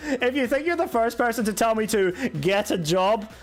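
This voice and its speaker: A young man streaming a game, chatting casually and answering chat with sarcasm and swearing. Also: extremely high pitch. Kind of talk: casual live-stream chat while gaming.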